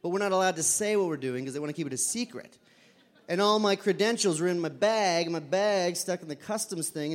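Man telling a story in a reverberant hall. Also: fairly high pitch. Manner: conversational, with fillers and animated quoted voices. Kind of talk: live personal storytelling.

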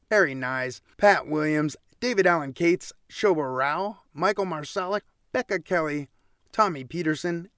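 A male host reading a steady, scripted closing announcement. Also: on the high side, dry recording, clean studio sound. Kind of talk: scripted outro.

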